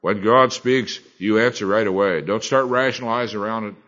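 A man preaching a sermon, earnest and emphatic, swinging between loud and soft. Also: lowish voice, fairly quick, lo-fi sound.

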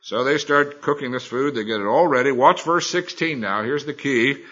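A man's voice: medium pitch, moderate pace, sharp tone, husky, lo-fi sound. A middle-aged man, a Bible teacher, preaching a sermon in a folksy, colloquial storytelling manner.

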